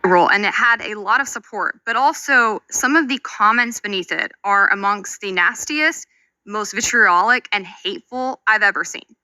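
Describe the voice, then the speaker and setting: A woman's voice: mid-range voice, moderate pace, bright, forceful tone, no echo. A woman commentator speaking with indignant disbelief as she reads out online comments. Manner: indignant, incredulous. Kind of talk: video commentary.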